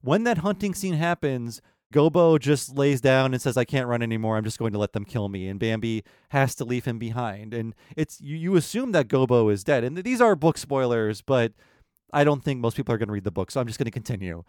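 A man hosting a podcast, telling a story in a lively way and acting out the quotes. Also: mid-range voice, fairly quick, no echo, studio quality. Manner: animated storyteller, acts out quotes. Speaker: podcast host. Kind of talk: casual podcast chat.

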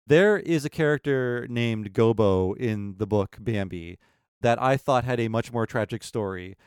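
A man hosting a podcast, telling a story in a lively way and acting out the quotes. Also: mid-range voice, unhurried, smooth, no room sound, studio quality. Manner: animated storyteller, acts out quotes. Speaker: podcast host. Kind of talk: casual podcast chat.

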